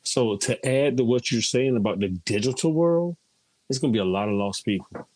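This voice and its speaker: A man's voice: medium pitch, normal speed, a little mellow, no echo. A middle-aged man chatting casually in a group, telling stories and quoting people. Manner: chatty storyteller, quotes others often.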